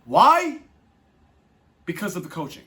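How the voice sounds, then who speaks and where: A man's voice: high voice, very animated, measured pace, bright, forceful tone. A young man hosting a casual football podcast, ranting in an exasperated, profane, emphatic way. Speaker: podcast host. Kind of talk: casual sports podcast rant.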